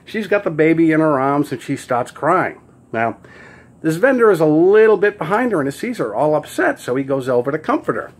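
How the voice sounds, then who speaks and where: A man with a New York accent telling jokes and stories in a casual monologue, jumping into high squeaky voices for the characters. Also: sing-song, brisk.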